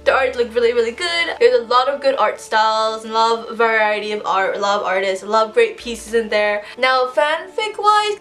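A woman chatting casually through an unboxing, gushing and excitable, swearing freely. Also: on the high side, far from the mic. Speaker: vlogger unboxing fan merch. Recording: voice a bit off-mic, soft music behind.

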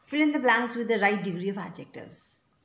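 A woman's voice: mid-range voice, lively intonation, a little fast, fairly bright tone, roomy sound. A woman teaching an English grammar lesson, explaining rules patiently and checking in often with the listener. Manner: patient, repetitive, checks in with "right?" and "okay?".

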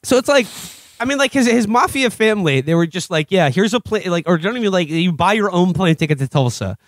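Quick and expressive, this high-pitched male co-host of a comedy podcast meanders through a TV review, breaking into laughter, starting over and mimicking characters in mock voices. The chat is casual and comedic, and the recording is dry.

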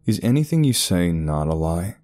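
A man doing a ghost who taunts and sneers, low and dark in tone. Faint music sits under the horror story. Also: big pitch swings, moderate pace. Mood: mocking. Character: mocking male ghost, whispering taunts.

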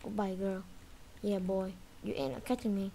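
A woman giving lively commentary while playing a video game, taunting the chaser and yelping when it gets close. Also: medium pitch, measured pace, creaky, a little hiss or hum. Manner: animated, talks trash to the game's chaser, sudden yelps and shrieks. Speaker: gaming video creator. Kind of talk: live gameplay commentary.

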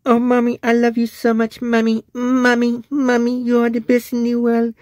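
A man's voice: monotone, moderate pace, no echo. A man voicing a bossy little girl kitten, a protective big sister, in a comic cat-video voiceover. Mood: doting. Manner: squeaky, doting and bossy.

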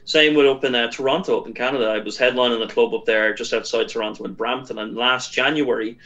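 A man who does stand-up comedy, chatting as a guest and telling stories in a lively way, with lots of fillers. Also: mid-range voice, fast, highs cut off. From Ireland. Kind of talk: casual interview chat.

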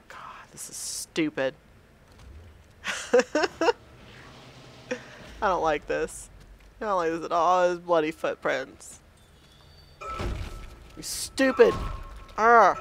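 Nervous and self-mocking, this woman talks right at the horror game she's playing in a casual let's play. Her voice is low-pitched and fairly bright, with vocal fry.

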